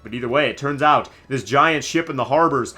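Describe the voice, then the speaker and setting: A man's voice: medium pitch, fairly quick, pushed and bright, faint music behind. A young man giving casual, joking live commentary on a video game in a goofy, slangy way. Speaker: gaming streamer.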